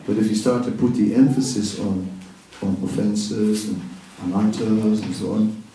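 A man's voice: fairly low pitch, steady tone, normal speed, mellow. Earnest man speaking in an echoey hall. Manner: earnest, reassuring, repeats words for emphasis. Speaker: spiritual teacher. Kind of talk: devotional talk answering a question. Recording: echoey room, distant mic, faint noise.

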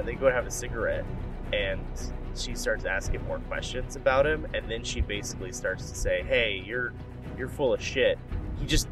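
Rambling man telling a story. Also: mid-range voice. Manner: rambling, animated storyteller with swearing. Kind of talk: comedic banter.

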